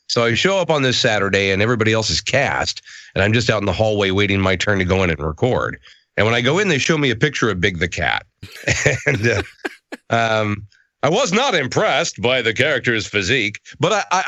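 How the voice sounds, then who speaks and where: A middle-aged man, a voice actor, telling stories as a guest in a casual interview, animated and self-deprecating. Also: mid-range voice, brisk, no room sound.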